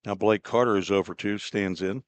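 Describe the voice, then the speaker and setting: A man doing relaxed, chatty play-by-play commentary on a baseball game, with easygoing asides between pitches. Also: normal speed, no room sound, dull audio. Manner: relaxed, chatty, laughs at own slips. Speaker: play-by-play announcer.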